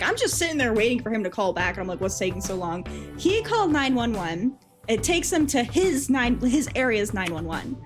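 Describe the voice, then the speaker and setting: Young woman streamer telling a story, swearing freely, high animated voice over background music. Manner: animated, profane, laughs often while telling. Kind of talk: casual storytelling chat.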